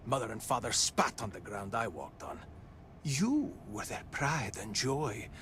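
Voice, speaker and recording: A man's voice: mid-range voice, big pitch swings, unhurried, fairly bright tone, slight background noise. An actor playing a pompous, mocking drunkard who sneers at his brother. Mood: sarcastic. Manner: sneering, sarcastic.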